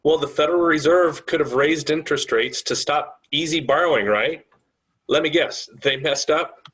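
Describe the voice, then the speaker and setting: A man's voice: on the high side, normal speed, fairly bright tone, lightly acted. A man reading the part of a worried village leader who keeps asking earnest questions on a video call. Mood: questioning.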